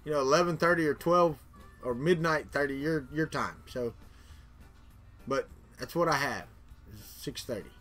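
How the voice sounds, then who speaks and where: A man's voice: fairly high pitch, moderate pace, long pauses, a bit bright, faint music behind. A middle-aged man from Florida with a Southern accent, chatting casually with live viewers in a rambling way, repeating words and chuckling. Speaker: livestream host.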